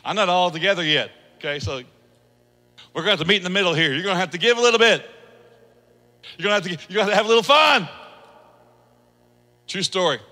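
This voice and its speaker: High-voiced preaching man in a hall. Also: quick pace, pauses often. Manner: animated preaching with acted-out quotes and jokes. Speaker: pastor. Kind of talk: sermon. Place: church hall.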